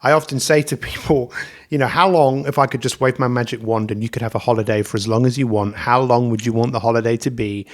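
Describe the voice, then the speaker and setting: A man hosting his own motivational podcast about coaching, talking alone in an energetic, upbeat way and repeating catchphrases. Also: medium pitch, fast talker. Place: indoors at home, coffee in front of him.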